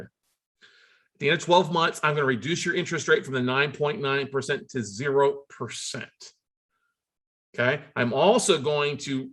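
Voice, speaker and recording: A man tells a story in a conversational way, with a bright, clear voice. He acts out the phone calls and his pitch leaps up when he does. He often stops and restarts his words. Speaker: note investor telling a story.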